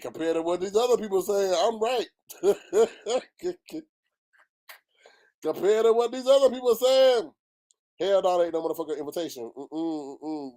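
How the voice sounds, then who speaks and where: Brief: casual male commentary host, pitched a little high, loose and slangy. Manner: animated, loose and talkative, with slang and profanity.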